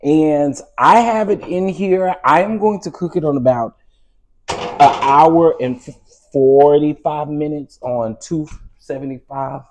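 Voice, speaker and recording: A man with a Southern American accent hosts a casual cooking stream from his home kitchen, chatting with viewers and calling them "baby" and "y'all". His voice is a little high and unhurried, with a bit of hiss or hum.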